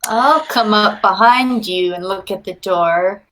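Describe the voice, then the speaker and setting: A woman's voice: medium pitch, takes it slowly, fairly bright tone, poor audio. A woman playing a tabletop game, asking questions in a playful, sarcastic way. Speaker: player. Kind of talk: tabletop role-play chat.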